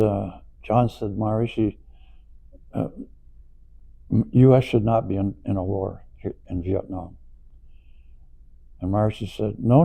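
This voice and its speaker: Gravelly dark-voiced man telling a story. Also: on the low side. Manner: animated storytelling, acts out quoted voices, laughs while telling. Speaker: storyteller recalling past events. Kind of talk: casual anecdote telling. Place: auditorium, on stage.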